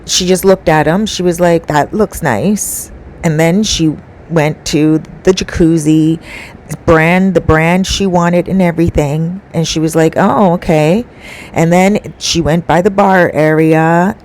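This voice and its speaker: A woman's voice: lowish voice, steady tone, a little slow, darkish tone, a little hiss or hum, poor audio. A woman telling a story in a chatty, casual way, full of fillers and asides. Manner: chatty, conversational with many fillers.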